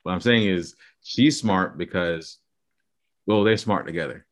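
A very deep-voiced man arguing his points on a podcast. He builds long explanations and keeps pressing his case in loose, casual talk. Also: unhurried. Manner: argumentative, lays out theories at length. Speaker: podcast co-host. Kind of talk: casual chat.

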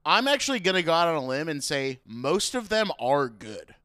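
A young man with a bright, clear voice hosts a casual comedy podcast chat, quick to joke and laugh. His pitch jumps around animatedly, sitting a touch higher than most men's. The sound is close and dry. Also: big pitch swings, dry recording. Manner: playful, laughs often, jokey. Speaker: podcast host.

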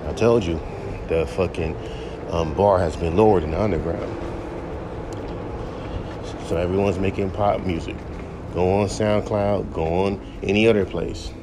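A man's voice: low-pitched, steady tone, unhurried, long pauses, noisy background. A young man and rapper hosting a podcast, ranting bluntly with constant swearing and mocking his critics. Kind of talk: profane casual rant. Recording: echoey room with faint music.

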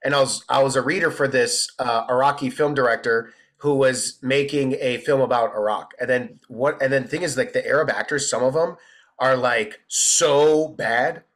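Man, comedian guest, bright tone, animated storyteller, casual chat. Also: medium pitch, normal speed. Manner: animated, acts out quotes in big voices.

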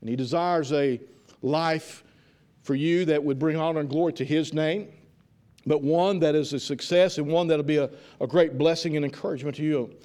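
A man with a high voice preaches to a congregation in a church. He builds his points by repeating lines and often restarts his phrases mid-thought. His delivery is fervent and insistent. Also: moderate pace, warm tone. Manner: fervent, repetitive, with frequent restarts. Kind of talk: evening sermon.

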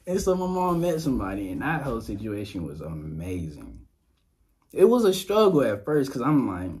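A young man from Louisiana hosting a podcast, sharing a casual personal testimony, animated and laughing often as he talks straight to his listeners. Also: lowish voice, moderate pace. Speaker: podcast host. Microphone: dynamic mic on boom arm.

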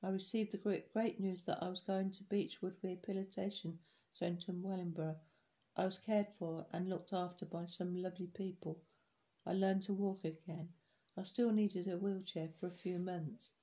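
A woman reading collected life stories aloud in a steady, unhurried way, with small restarts now and then. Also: lowish voice.

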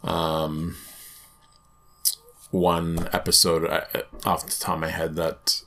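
Deep-voiced podcast host, easygoing. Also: male voice, slow pace, slight background noise. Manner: relaxed, chuckling, offhand. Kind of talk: casual podcast chat.

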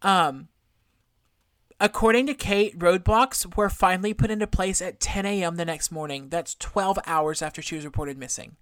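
A woman's voice: fairly low pitch, moderate pace, no room sound, studio quality. A woman co-hosting a true crime podcast, going through the case with casual swearing. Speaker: podcast co-host.

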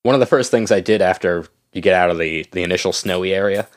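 Deep-voiced dude chatting games, laughs a lot, swears. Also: male voice, quick pace. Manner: laughs often, swears casually. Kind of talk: casual chat.

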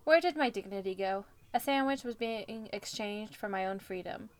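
A woman co-hosting a podcast, reading fan fiction aloud with commentary and jumping up in pitch for the quoted lines. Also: moderate pace. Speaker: podcast co-host.

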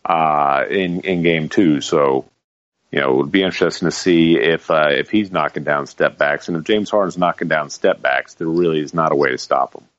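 A man's voice: very deep voice, moderate pace, no echo. A man on a casual podcast panel, rambling and jokey with plenty of fillers. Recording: slightly muffled dry audio.

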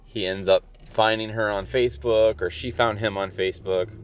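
A man's voice: fairly low pitch, fairly even intonation, normal speed, a little hiss or hum. A young man telling a rambling, profane story in a casual, wry way from inside a car. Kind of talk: casual anecdote.

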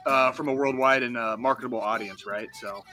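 A man's voice: mid-range voice, steady tone, a little fast, sharp tone, soft background music. A man co-hosting a podcast in casual chat, ranting heatedly with heavy swearing and frequent restarts. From United States. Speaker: podcast co-host.

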